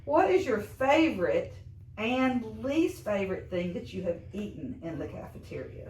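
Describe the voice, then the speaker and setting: A woman's voice: mid-range voice, big pitch swings, moderate pace, darkish tone. A middle-aged woman hosting a casual interview with students, chatty and encouraging, laughing often. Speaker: interviewer, school staff host. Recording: echoey room, mic from a distance, faint noise.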